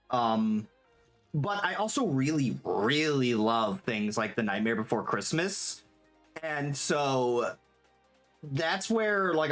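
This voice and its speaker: A live streamer chatting casually while working, reading chat aloud, swearing freely and quick to get excited and laugh. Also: mid-range voice. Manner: gets excitable and laughs easily. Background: faint background music.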